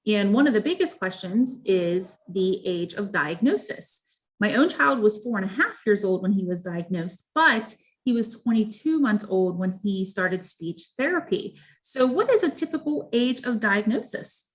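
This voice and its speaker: A woman who is the parent of a child with a speech disorder, interviewing an expert in a friendly, clear way. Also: mid-range voice, sing-song, normal speed. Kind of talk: conversational interview.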